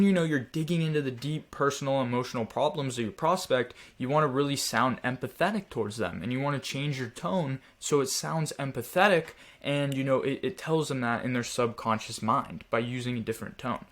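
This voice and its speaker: A man's voice: medium pitch, fairly bright tone. A young man giving a casual sales training lecture, explaining with many fillers and acting out different tones of voice. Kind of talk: screen-share training lecture.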